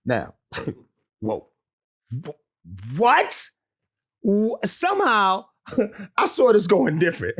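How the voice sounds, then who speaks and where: A man's voice: sits high, huge pitch swings, takes it slowly, pauses often, a bit bright, slightly rough. A man telling a wild story as an interview guest, swearing often, laughing and acting out the voices of the people involved. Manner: profane, laughs through his story, acts out quotes. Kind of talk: animated storytelling.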